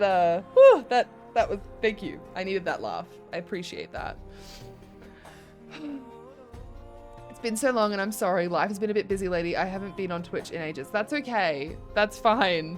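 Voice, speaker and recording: A young woman game streamer chatting casually and rambling to her viewers, with plenty of ums. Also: medium pitch. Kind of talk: casual live-stream chat. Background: faint background music.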